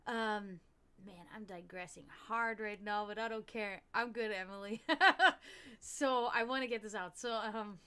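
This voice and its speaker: A woman's voice: mid-range voice, fairly even intonation, moderate pace, a bit bright, clean tone. A woman from Germany, chatting casually on a livestream, rambling off on tangents and swearing when something annoys her. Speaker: streamer reading and discussing esoteric texts. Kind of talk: casual livestream chat with reading aloud.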